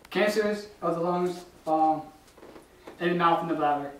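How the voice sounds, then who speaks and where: A man's voice: a little high, unhurried, long pauses. A young man presenting facts in an amateur comedy sketch, stumbling as he half-reads from notes. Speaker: guest presenter. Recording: echoey room with the camera far off.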